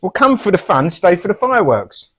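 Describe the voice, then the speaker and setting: A middle-aged man riffs through comic banter with a straight, mock-serious face and plenty of swearing. His voice sits a little high for a man and swings widely up and down. He plays it dry and earnest. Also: sing-song, fairly quick. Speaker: comedy double act host.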